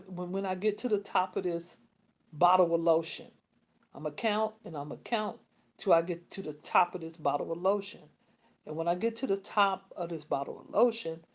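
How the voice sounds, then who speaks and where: A woman, telling a personal story in a rambling, repetitive way with many restarts and pauses. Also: fairly low pitch. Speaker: vlogger.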